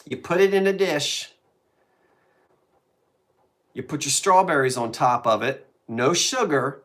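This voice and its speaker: Animated older man. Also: on the high side, slow pace. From South Jersey. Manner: chatty, animated storyteller. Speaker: host. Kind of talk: casual live-stream chat.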